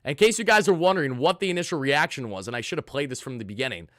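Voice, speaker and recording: Excited male stream host, slightly high, tense voice, dry mic. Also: no room sound. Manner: hyped, rapid thank-yous to donors. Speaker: sports channel host. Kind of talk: live postgame stream.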